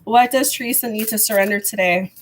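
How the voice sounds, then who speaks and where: A woman giving a live tarot reading to viewers, rambling and hesitant with many fillers, her voice going hoarse with frequent throat clearing. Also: mid-range voice, fairly quick, a little hiss or hum. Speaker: tarot reader.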